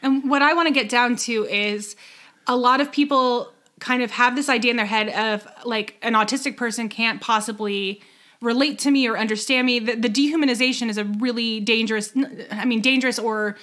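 A woman's voice: a little high, steady tone, a little fast, a bit bright. A woman co-hosting a podcast, chatting casually with many fillers and restarts. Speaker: podcast co-host. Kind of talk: casual chat.

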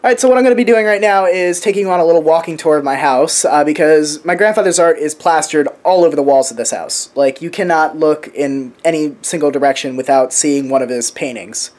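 With a slightly high, darkish voice, a man in his twenties talks briskly and with few pauses as he shows off family art at home. The show-and-tell vlog is casual and sentimental, loose and rambling with many fillers and restarts.

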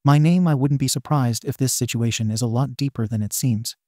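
A man voicing a caring middle-aged father who gives his son steady, reassuring advice. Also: mid-range voice, fairly quick, no echo, clean studio sound, lightly acted.

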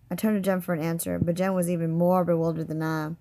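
A woman teacher reading a novel aloud in a steady, expressive way. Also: lowish voice, fast talker, few pauses.

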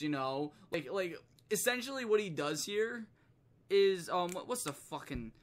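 A man's voice: sits high, measured pace. Profane ranting male streamer. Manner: profane, animated, laughs often. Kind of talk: casual ranting commentary.

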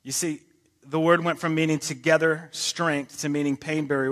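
A man's voice: a little high, flat delivery, moderate pace, fairly bright tone, long reverb tail. A man preaching a sermon, talking in a casual way with joking asides and reading scripture with emphasis. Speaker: pastor. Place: church sanctuary.

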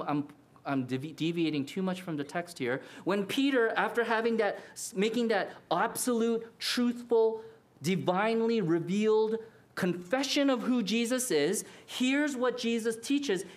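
A man preaching a sermon as pastor, earnest and animated, acting out quoted lines. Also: high voice, moderate pace.

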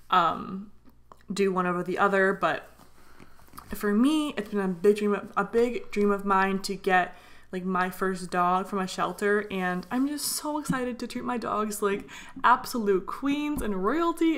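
A tired young woman vlogger in a casual voiceover, rambling excitedly with lots of fillers. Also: lowish voice. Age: young adult. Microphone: voiceover mic.

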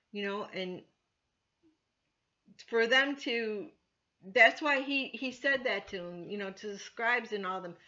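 Woman church elder, casual Bible teaching, bright voice, filler-heavy, dull lo-fi sound. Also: on the high side. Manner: conversational, many "you know" fillers, earnest. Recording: dull lo-fi recording.

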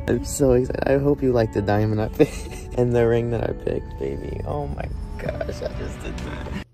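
An excited, emotional young man with music under his voice. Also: mid-range voice, moderate pace, gravelly. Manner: emotional, excited, laughing and stammering. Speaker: vlogger planning a proposal. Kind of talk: casual video diary. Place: in a car, then outdoors in wind.

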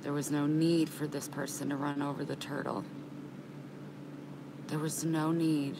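A woman's voice: deep voice, flat delivery, a little slow, pauses often, noisy background. A woman chatting in a casual vlog, rambling and frank, getting worked up and indignant, with casual swearing. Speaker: vlogger.

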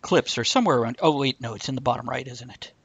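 A man's voice: mid-range voice, fast, vocal fry, slightly rough, no room sound. A man hosting an improv comedy stream who jokes and stumbles over his words. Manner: joking, lively, stumbling. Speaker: host leading the improv scene.

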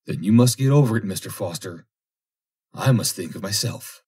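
Proud young woman as a man reads her, formal, cool, animated, breathy. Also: on the low side, normal speed. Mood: cold, reproachful.

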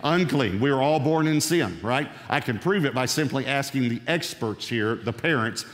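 A man's voice: mid-range voice, expressive, normal speed, a bit bright. A male preacher teaching through a Bible passage, explanatory and emphatic on key phrases, played as a sermon clip. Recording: sermon clip with long hall reverb.

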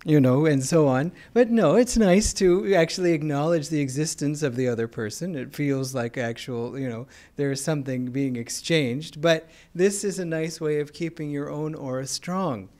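A man with an American accent giving an informal spiritual talk, explaining in a conversational way with gentle humor. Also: on the high side, moderate pace, hardly any pauses. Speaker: spiritual teacher.

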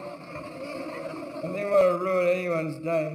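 A man doing stand-up storytelling, sardonic and profane, acting out characters with sudden shouts on a theatre stage. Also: a little high, fairly even intonation, slow pace, very noisy. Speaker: stand-up comedian. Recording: echoey live theatre recording. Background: audience laughter.

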